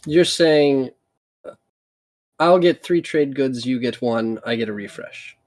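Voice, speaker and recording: A man's voice: medium pitch, measured pace, a little mellow. A man playing a board game, carefully restating the terms of a trade to make sure he understands. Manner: careful, restates deals to clarify. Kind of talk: casual game-table chat.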